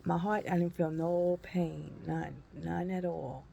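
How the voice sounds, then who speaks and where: A woman in her fifties telling a personal story in a folksy, animated way and calling listeners honey and baby. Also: on the low side, slow pace, creaky, lo-fi sound, a little hiss or hum. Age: 50s. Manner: animated, acts out her own cries and shrieks. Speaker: vlogger.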